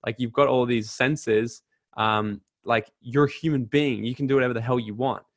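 Energetic young Australian man, dry sound. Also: medium pitch, moderate pace, no room sound. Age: 20s. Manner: emphatic, energetic, preachy, swears casually. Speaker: podcast guest. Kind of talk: motivational talk.

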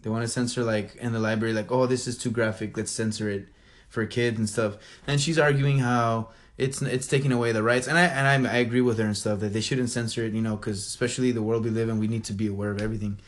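A man's voice: mid-range voice, steady tone, fast talker, hardly any pauses. Rambling young man, laughing through chat. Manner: rambling, laughs often, many fillers. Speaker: podcast co-host. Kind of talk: casual podcast chat.

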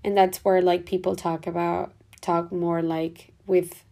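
Young woman, podcast host, fry-heavy voice, casual rambling monologue. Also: fairly low pitch, level tone, unhurried, mellow. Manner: rambling, heavy use of "like" and "whatever".

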